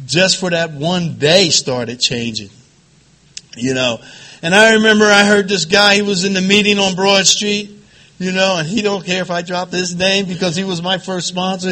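High, bright-voiced man with a quivering voice. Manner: emotional, halting, repeats phrases, laughs between lines. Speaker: recovery meeting speaker. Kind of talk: personal testimony at a support group meeting.

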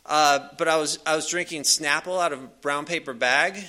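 Man, casual storytelling, rambling with fillers, slightly higher voice. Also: moderate pace, pushed and bright. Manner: rambling, loose, full of fillers and restarts. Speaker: speaker sharing a recovery story. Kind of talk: casual storytelling to a live audience.

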